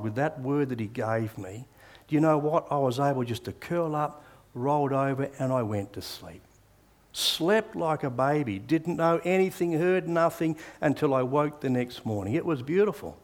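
A man's voice: fairly high pitch, a little mellow. Earnest man preaching. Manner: earnest, conversational, with many restarts. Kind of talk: sermon with personal testimony.

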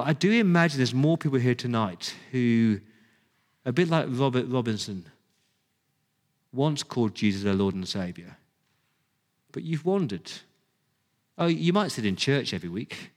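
A man preaching a sermon to his church, earnest and pleading, pressing his points with emphasis. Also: medium pitch. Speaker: pastor. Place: church hall. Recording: long hall reverb.

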